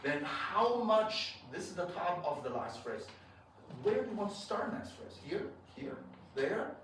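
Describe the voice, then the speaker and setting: A man teaching a piano masterclass, coaching a student with emphatic, halting phrases and frequent restarts. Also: high-pitched, sing-song, a bit bright, a little hiss or hum. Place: piano studio room. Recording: roomy echo from far off. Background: piano playing.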